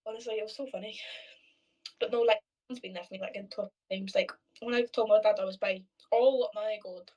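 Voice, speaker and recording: A woman's voice: medium pitch, fairly even intonation, fast, a little mellow, far from the mic, muffled recording. A young woman in casual chat on a video call, telling stories freely with swearing and acted-out quotes. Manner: chatty storyteller, swears freely, acts out quoted voices.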